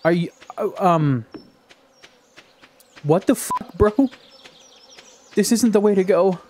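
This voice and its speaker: A man giving casual let's-play commentary, excitable, talking back to the game and swearing often. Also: high voice, takes it slowly, slight background noise. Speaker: gaming YouTuber.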